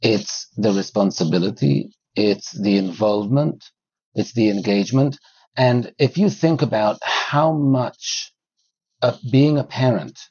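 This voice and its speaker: A psychologist guest on a talk show, a man explaining his ideas in a calm, measured way. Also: mid-range voice, husky, no echo, lo-fi sound. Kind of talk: interview explanation.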